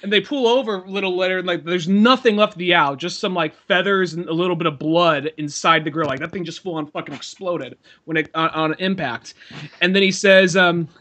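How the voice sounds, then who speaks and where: Bright, high-voiced rambling podcast guy. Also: a little fast. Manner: rambling storyteller, swears freely, laughs often. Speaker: podcast co-host. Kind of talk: casual chat.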